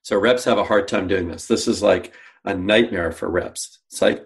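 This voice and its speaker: In an interview, a man who founded a sales company tells a story and acts out the lines of dialogue he quotes. His voice is deep and he speaks at a moderate pace.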